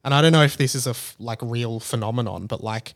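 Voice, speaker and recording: A man's voice: mid-range voice, fast. Rambling man recapping a trip. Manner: rambling, filler-heavy storytelling. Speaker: podcast host. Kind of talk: casual travel recap chat.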